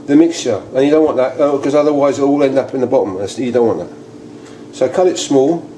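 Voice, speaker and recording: A British cooking video host talks briskly in a dark, mid-range voice while demonstrating a dish at home, chatty and meandering and often starting sentences over. The kitchen audio echoes, with some faint noise.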